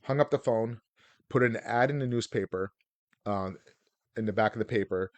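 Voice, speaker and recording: The recording is dry, capturing a fairly low-pitched man speaking at a moderate pace. He's a real estate investor teaching seller financing deals in a casual webinar on a video call, rambling through stories with frequent filler words.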